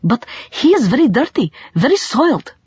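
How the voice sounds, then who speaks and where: A woman's voice: sits high, sing-song, normal speed, darkish tone, breathy edge, no echo, lo-fi sound, pitched above the performer's own voice, full character voice. A woman voicing a cautious, clever young girl who speaks in a careful, formal way, in a storybook reading. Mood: earnest.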